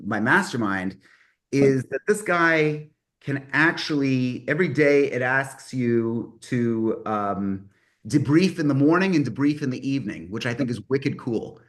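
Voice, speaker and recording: A man in his 50s hosts a mastermind group on a video call, his mid-range voice expressive and measured. The meeting talk is casual, and he rambles enthusiastically, often correcting himself.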